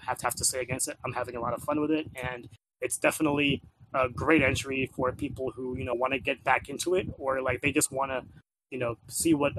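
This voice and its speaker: A man's voice: mid-range voice, a bit bright, a little hiss or hum, poor audio. A man hosting a gaming podcast who talks in a casual, rambling way with many fillers and restarts. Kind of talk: casual chat.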